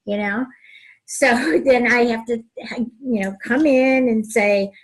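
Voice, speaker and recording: A woman with a slightly raised pitch and a husky, breathy edge talks animatedly, acting out phrases people might say to each other. She speaks as a couples therapist in a casual advice chat. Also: a little slow, rough recording. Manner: warm, animated, acts out example phrases.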